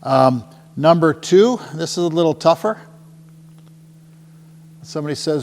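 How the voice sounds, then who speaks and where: A man's voice: on the high side, moderate pace, long pauses, a little mellow. Chatty middle-aged man presenting to a room. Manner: jokey and chatty, often asks the crowd "right?". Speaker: tour company presenter. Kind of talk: casual presentation to a live audience. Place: meeting room with a small audience. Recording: long hall reverb with faint hum.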